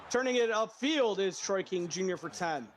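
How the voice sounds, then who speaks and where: A man calling play-by-play for a game stream in a casual, jokey way, laughing often and shouting on big plays. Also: high voice, animated, normal speed, a little hiss or hum. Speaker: play-by-play commentator.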